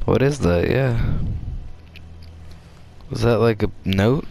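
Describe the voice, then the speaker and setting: A man's voice: lowish voice, slow, vocal fry, darkish tone. A young man giving goofy, rambling, jokey commentary while he plays a game. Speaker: let's play gamer. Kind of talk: casual gameplay commentary.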